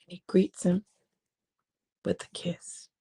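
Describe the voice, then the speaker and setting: In a conversational manner, a female preacher relates a sermon story, her phrases drawn out and her emphasis kept quiet.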